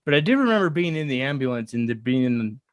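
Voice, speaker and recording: An earnest man in his thirties recounts a personal story, pausing and restarting often. His voice sits mid-range, and the recording is dry with no room sound. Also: mid-range voice, sing-song, no echo, muffled recording. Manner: earnest, halting with fillers and restarts. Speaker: guest. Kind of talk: casual storytelling.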